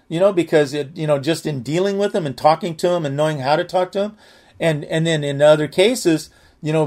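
Man, slightly higher voice, candid and earnest, telling a personal testimony. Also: a little mellow.

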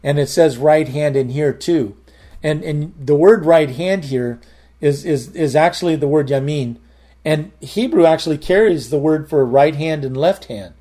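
A man teaching a Bible study as a pastor, talking conversationally with many halting repeats. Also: a little high, warm tone.

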